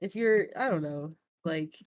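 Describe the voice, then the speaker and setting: A young woman streamer chatting as an interview guest, talking in animated bursts that swing high and low, with many fillers. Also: unhurried, no room sound, clean studio sound. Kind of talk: casual interview chat.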